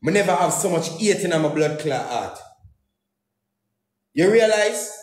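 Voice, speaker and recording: A man's voice: a little high, lively intonation, measured pace. A man with a Jamaican accent venting heatedly on social media, cursing and repeating himself as he speaks in Patois. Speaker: comedian and YouTuber. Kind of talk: angry social media rant. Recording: very echoey room.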